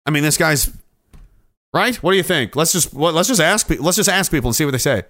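A man talking loosely on a livestream, rambling and cynical, dropping curses as he reads out comments. His pitch moves around a lot as he goes. The sound is dry and close, with nothing around it. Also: expressive, fast, fairly bright tone, no echo. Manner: rambling, profane and cynical, with frequent restarts. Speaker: livestream host reading viewer comments. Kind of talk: casual livestream chat.

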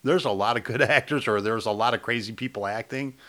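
Man, bright forceful voice, blunt, grumbling, casual movie review chat. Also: medium pitch, a little fast. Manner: blunt and grumbling, swears freely. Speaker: podcast co-host.

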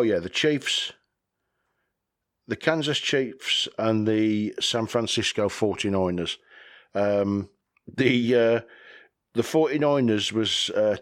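Rambling man, swearing podcaster. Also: lowish voice. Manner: rambling, swears freely, chuckles often. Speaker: podcast host. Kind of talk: rambling casual monologue.

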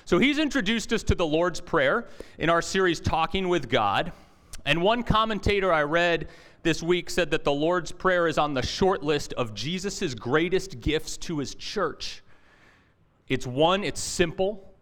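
Pastor, male: casual, chatty sermon delivery, soft and slow when he prays. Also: fairly high pitch, animated. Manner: conversational, with fillers and restarts; hushed and slow in prayer.

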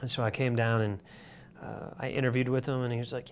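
A man's voice: mid-range voice, level tone, brisk, a little hiss or hum. A man from Michigan telling stories as an interview guest, rambling with fillers and restarts. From Michigan, USA. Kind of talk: casual storytelling.

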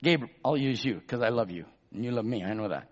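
Man, pastor, sermon, lively pitch, murmurs and shouts, calls for amens, muffled recording. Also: quick pace. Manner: swings between low murmurs and loud shouted emphasis.

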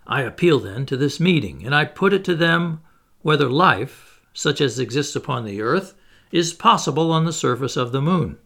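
A man's voice: fairly high pitch, animated, normal speed, creaky, a bit bright, full character voice. A man reading a bold, unflappable adventurer. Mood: assured. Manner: cheerful, assured, explanatory. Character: confident witty male adventurer, unflappable.

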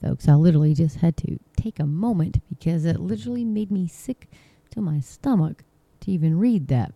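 A woman's voice: lowish voice, animated, moderate pace, warm tone, dry recording. Rambling woman reading news with indignant asides. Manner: rambling, frequent ums and restarts, indignant asides. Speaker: online video host. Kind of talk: casual commentary reading a news article aloud.

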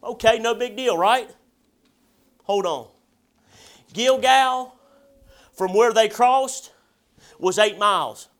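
A man preaching a sermon in a folksy, emphatic way, with shouts at times. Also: high-pitched, slow, pauses often. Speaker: pastor.

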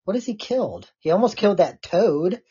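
A woman's voice: mid-range voice, lively intonation, brisk, mellow, breathy edge, highs cut off. A woman hosting a casual chat podcast, laid-back and laughing often. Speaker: podcast host.

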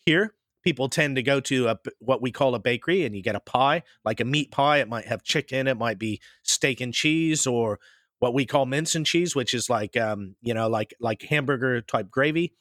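A man's voice: medium pitch, normal speed, fairly bright tone, no echo, studio quality. A man from New Zealand with a New Zealand accent, telling stories as an interview guest in a rambling, anecdotal way. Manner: rambling, anecdotal, with many restarts. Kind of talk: casual interview chat.

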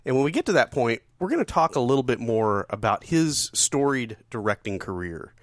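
A man's voice: mid-range voice, big pitch swings, normal speed, no echo, studio quality. A man co-hosting a podcast, jokey and reading out trivia in casual chat. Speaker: podcast co-host.

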